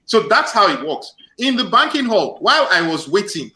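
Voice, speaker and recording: Animated high-pitched man from nigeria, casual chat, roomy echo. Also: normal speed. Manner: animated storyteller, acts out quoted voices.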